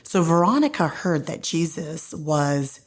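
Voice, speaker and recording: A woman's voice: low-pitched, lively intonation, a little slow. A woman hosting a podcast, casually retelling a faith story with many fillers and acted-out quotes. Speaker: podcast host.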